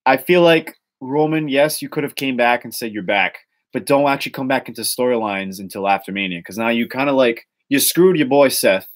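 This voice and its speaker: An excitable man with a Boston accent hosts a casual talk show, his thoughts tumbling out with restarts and fillers. His voice sits in an ordinary middle register. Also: medium pitch, brisk, hardly any pauses. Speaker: podcast host. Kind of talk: casual wrestling chat.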